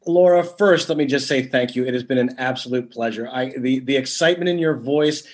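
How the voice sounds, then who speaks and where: A man's voice: medium pitch, a little fast, a little mellow. A man talking as a podcast guest and author, telling history earnestly and often restarting his sentences. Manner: earnest, storytelling, restarts mid-thought. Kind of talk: podcast interview.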